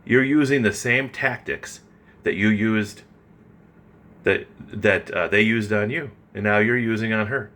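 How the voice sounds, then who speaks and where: A man with a deep voice and a forceful edge talks straight to camera in a casual vlog. He rambles earnestly, full of ums and restarts, and often turns to address his listener head-on. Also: unhurried. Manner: addresses the listener directly and pointedly. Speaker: vlogger. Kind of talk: casual direct-to-camera monologue.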